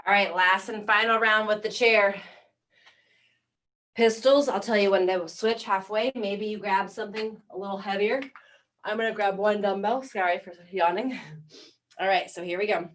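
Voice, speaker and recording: Fitness instructor, woman, mid pitch; encouraging countdowns, recorded a bit away from the mic. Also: moderate pace, distant mic, a little hiss or hum. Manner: encouraging counting cues, calm coaching. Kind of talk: guided workout class.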